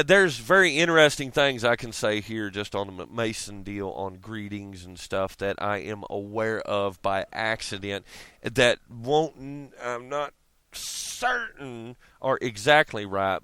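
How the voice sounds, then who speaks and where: A man vents in a loose, profane rant to his viewers, laughing often as he rambles. His voice is smooth and clear, with a lively pitch that jumps around. The recording is dry and close, with no room sound. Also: no echo. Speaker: vlogger. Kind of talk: casual rant to camera.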